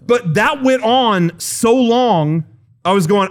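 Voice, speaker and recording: A man's voice: sits high, lively intonation, takes it slowly. A man co-hosting a comedy podcast, telling a story and acting out other people's lines in exaggerated voices. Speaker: podcast co-host.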